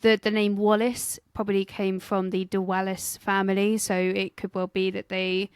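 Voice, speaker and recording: A woman's voice: medium pitch, little pitch movement, normal speed, clear, resonant tone, dry recording. A woman co-hosting a history podcast in a casual, jokey way, swearing freely as she tells the story. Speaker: podcast co-host and researcher.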